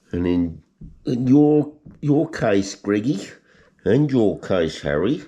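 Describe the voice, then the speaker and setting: Man talking to his pets, fond and coaxing; dark, husky voice, unhurried. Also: on the low side, expressive. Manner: fond, coaxing, keeps asking "Hey?". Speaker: pet owner filming his rats. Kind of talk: casual chat to pets.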